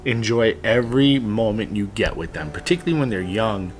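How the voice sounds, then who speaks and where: Faint music plays behind a man in his late thirties, a father vlogger speaking a little fast in a lowish, expressive voice. In this heartfelt personal monologue he gives other dads earnest advice, at times bluntly and with swearing.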